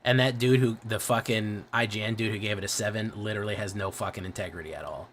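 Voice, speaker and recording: Young male streamer, Midwest accent, lowish voice, loose and profane, faint background hiss. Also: steady tone, fast, a bit bright. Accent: American Midwest. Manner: profane, rambling, self-correcting. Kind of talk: casual livestream chat.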